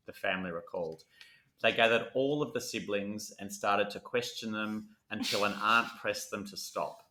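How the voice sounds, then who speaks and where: A man's voice: lowish voice, pushed and bright, echoey room, low-quality recording. A man co-hosting a casual true-crime podcast, reading out a case with jokes and frequent laughter. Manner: jokey, laughs often, quotes films. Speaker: podcast co-host.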